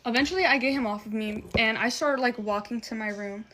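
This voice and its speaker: Her voice is fairly high, bright, and forceful, and she talks a little fast. As she does her makeup, this young adult woman recounts a personal story in an emotional, casual way, cursing a lot and leaning on "like."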